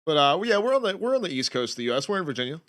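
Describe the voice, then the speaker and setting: Smooth-voiced man chatting on a stream. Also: a little high, sing-song, rapid-fire, fairly bright tone. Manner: chatty, thinking aloud while working. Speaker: livestreamer. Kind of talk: casual livestream chat.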